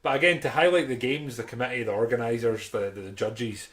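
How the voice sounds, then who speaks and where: A man's voice: medium pitch, fairly even intonation, fairly quick, a bit bright. A man, co-hosting a podcast and telling stories in casual chat with frequent restarts. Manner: chatty storytelling with frequent restarts. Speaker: podcast co-host.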